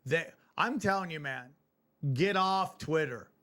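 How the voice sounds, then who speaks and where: A man with a slightly high voice hosts a casual podcast chat. He speaks emphatically and repeats phrases to drive his points home. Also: animated, unhurried, bright, forceful tone. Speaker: podcast host.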